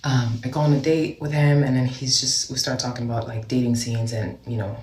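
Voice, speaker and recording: Man, casual story time, animated, mimics people in a raised voice, middle pitch, roomy echo. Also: a little fast.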